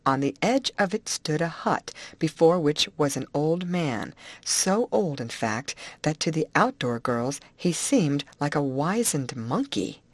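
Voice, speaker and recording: A woman narrating an audiobook in a clear, expressive storytelling manner. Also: low voice, measured pace, no echo. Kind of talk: audiobook reading.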